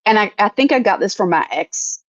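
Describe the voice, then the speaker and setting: A woman's voice: medium pitch, animated, fairly quick, no echo. A middle-aged woman, co-hosting a casual chat and telling stories with acted-out quotes. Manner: earnest, storytelling with acted-out quotes. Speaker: podcast co-host. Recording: dull, dry sound.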